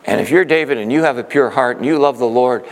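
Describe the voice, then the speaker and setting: A man preaching a sermon, telling a story in a lively way and acting out the quoted voices. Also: medium pitch, quick pace, in a large hall. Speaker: pastor.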